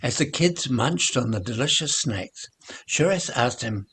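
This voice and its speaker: An older man with a New Zealand accent reads a children's story aloud. His voice is very husky and breathy, at a middle pitch for a man. He reads at a measured pace and drops almost to a whisper in the sad parts. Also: lively intonation, a bit bright. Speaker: storybook reader.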